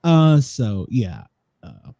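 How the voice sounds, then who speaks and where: A man's voice: medium pitch, sing-song, extremely slow, mellow, no echo. A man co-hosting a casual news chat show, rambling with lots of fillers and chuckles. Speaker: co-host of a daily news show; former emergency responder.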